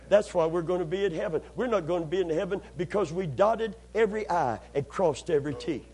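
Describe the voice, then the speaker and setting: High-voiced man preaching a sermon. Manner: call-and-response, rising to impassioned shouting.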